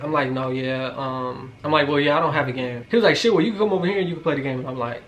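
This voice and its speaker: A young man in his twenties telling a casual storytime, joking and slangy, with quick asides to his viewers. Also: a little high, a bit bright, soft background music. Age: 20s. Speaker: vlogger.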